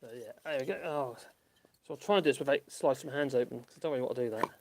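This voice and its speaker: There's slight background noise as a man with a mid-range, darkish voice chats in rapid-fire fashion. The woodworking channel host rambles to the camera while working on a project in his workshop, chuckling and talking to himself.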